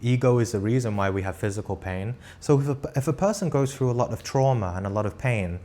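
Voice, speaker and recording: A man's voice: mid-range voice, lively intonation, dark tone. A man teaching a live spiritual class, recounting an experience in short, earnest phrases and often checking in with "right?". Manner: talks in short halting phrases with frequent restarts.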